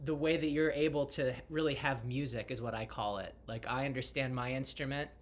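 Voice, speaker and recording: A man speaking as a guest in a casual video chat, soft and enthusiastic, searching for his words. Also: medium pitch, steady tone, fairly quick.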